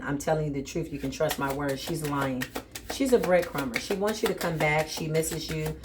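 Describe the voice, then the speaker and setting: Blunt tarot reader, a woman, deep voice, faint hiss behind. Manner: blunt, emphatic, talks straight to the viewer. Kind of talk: spiritual tarot reading to viewers.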